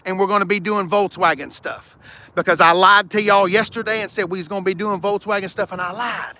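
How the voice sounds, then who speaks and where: A man's voice: sits high, fairly even intonation, a little fast, bright, forceful tone. A man hosting a live car-lot stream outdoors, talking bluntly and joking with viewers, with no microphone and wind hitting the mic. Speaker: car channel host. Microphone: no external mic, wind on the mic.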